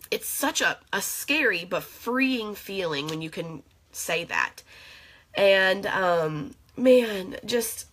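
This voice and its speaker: A woman's voice: medium pitch, bright, forceful tone. A young woman vlogging at home in a casual, emotional, chatty way, with lots of fillers. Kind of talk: casual reflective vlog.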